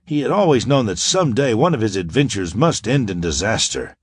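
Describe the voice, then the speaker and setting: A man narrating a pulp science-fiction audiobook in a dramatic, expressive way. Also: on the low side, brisk, husky, no room sound.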